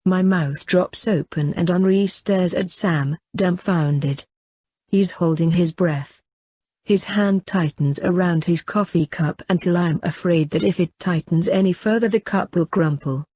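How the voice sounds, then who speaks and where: Low, husky woman narrating an audiobook. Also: unhurried, dry recording, studio quality. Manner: steady, even first-person reading. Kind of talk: scripted narration.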